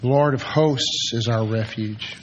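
An older man preaching a sermon as pastor, moving from hushed, slow words to shouted commands for quiet. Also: mid-range voice, lo-fi sound, slight background noise. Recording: long hall reverb.

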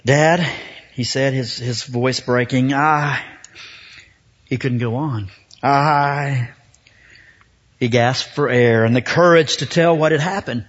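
A man preaching a sermon, telling a story slowly with dramatic pauses before turning to scripture. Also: medium pitch, fairly even intonation, slightly rough. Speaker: pastor. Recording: dull lo-fi recording.

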